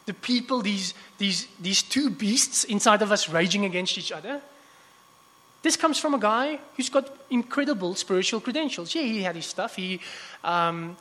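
A man preaching a sermon in a church hall, casual and conversational, often restarting his phrases. His voice sits high for a man, and the hall lends it a long, lingering reverb. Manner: conversational, many restarts, animated asides.

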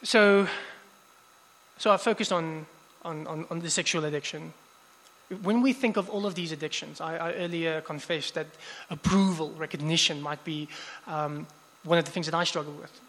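A man preaching a sermon in a church hall, casual and conversational, often restarting his phrases. His voice sits high for a man, and the hall lends it a long, lingering reverb. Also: moderate pace. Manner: conversational, many restarts, animated asides.

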